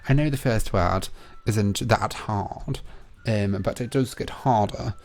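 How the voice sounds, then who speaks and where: A young man hosting a live online quiz. He reads each question twice, slowly and with emphasis, and chats playfully between questions. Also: fairly low pitch, a little mellow. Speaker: quiz host.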